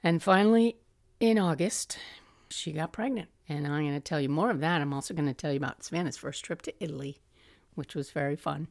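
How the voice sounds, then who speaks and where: A woman's voice: sits low, fairly quick, a little mellow, dry recording. Chatty middle-aged woman telling family stories. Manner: chatty, laughs often, acts out quotes. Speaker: podcast host. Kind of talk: personal storytelling.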